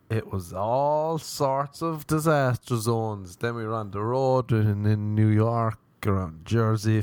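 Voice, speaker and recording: A man's voice: mid-range voice, a little mellow, no room sound. A man hosting a podcast in a rambling, jokey monologue, breaking into made-up jingles. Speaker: podcast host.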